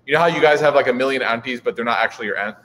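A man's voice: mid-range voice, very fast, fairly bright tone, slight background noise. A man in his thirties giving a humorous religious talk to an audience, chatty, with joking asides and many fillers. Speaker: preacher. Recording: reverberant hall.

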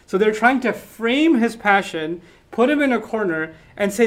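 High-voiced man teaching scripture emphatically. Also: lively intonation, normal speed. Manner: emphatic, explanatory, checks in with rhetorical questions. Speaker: religious teacher. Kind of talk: explanatory lecture on scripture.

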